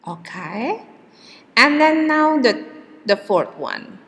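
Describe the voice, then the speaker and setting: Slow, careful woman teaching pronunciation. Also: sits high, very animated, a bit bright, in a large hall. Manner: slow, drawn-out model words with hesitant fillers. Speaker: English teacher. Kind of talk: pronunciation lesson.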